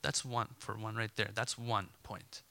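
Bright emphatic male preacher. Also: fairly low pitch, unhurried, creaky, dry recording. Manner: animated, emphatic, voices imagined dialogue. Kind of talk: sermon.

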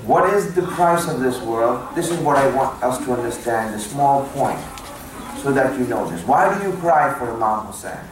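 A man's voice: medium pitch, lively intonation, moderate pace, background noise. A man preaching a sermon to a mourning gathering, pressing his listeners with repeated rhetorical questions. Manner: rhetorical questions, emphatic and repetitive. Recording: echoey hall, distant mic.

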